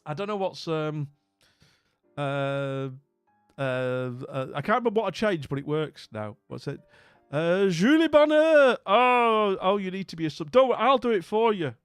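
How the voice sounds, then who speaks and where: A man's voice: fairly high pitch, lively intonation, moderate pace, clear, resonant tone, dry recording, studio quality, faint music behind. A man from northern England, a streamer with a northern English accent, chatting casually and rambling, with restarts and friendly greetings, a bit weak after being ill. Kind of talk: casual live-stream chat.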